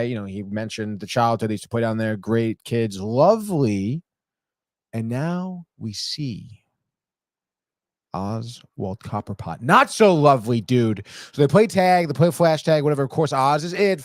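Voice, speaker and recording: Brief: casual male podcast host, mid-pitched, swears freely, dry close mic. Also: dry recording. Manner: rambling, profane, says "dude" a lot. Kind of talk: casual TV episode recap.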